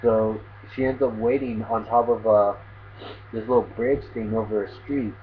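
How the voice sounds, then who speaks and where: A man's voice: lowish voice, steady tone, moderate pace. A man hosting his own anime review channel, retelling an episode in a casual, rambling way full of fillers. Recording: tinny phone-like audio, faint hiss.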